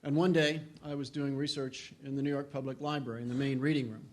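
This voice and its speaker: An older man, a historian giving a humorous storytelling lecture who often clears his throat and acts out quoted voices. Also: medium pitch, level tone, fast.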